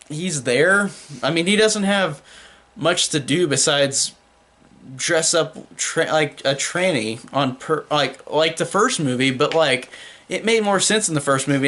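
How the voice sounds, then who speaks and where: A man's voice: a little high, fairly bright tone. Rambling young man reviewing a film. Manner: rambling, full of fillers and restarts. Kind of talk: casual spoken film review.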